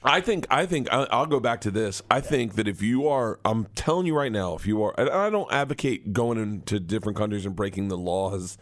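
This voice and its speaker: Animated comedian man telling wild stories. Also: lowish voice, fairly quick, few pauses. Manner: loud, laughing, acts out voices in his stories. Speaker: comedian guest. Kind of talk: animated storytelling. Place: radio studio.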